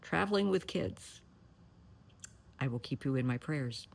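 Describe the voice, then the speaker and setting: Middle-aged woman therapist, husky voice, homespun advice, calls you honey, goes quiet and whispery to make a point. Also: rumbling low, animated, measured pace. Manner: folksy, plainspoken, calls listeners honey and sweetheart; drops to a near whisper for emphasis. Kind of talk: advice talk to camera.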